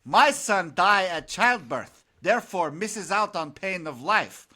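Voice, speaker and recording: A man voicing gruff old male Russian potato farmers in a put-on Russian accent, with slow, broken-English deadpan delivery. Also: high voice, full character voice.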